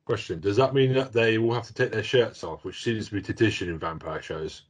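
A man's voice: fairly low pitch, brisk, slightly rough. A man co-hosting a podcast, teasing and cutting in with jokes and swearing. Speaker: podcast co-host. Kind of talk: casual chat.

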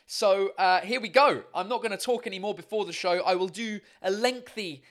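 A man's voice: sits high, normal speed, a bit bright. A man hosting his own live stream show, chatting casually and swearing freely.

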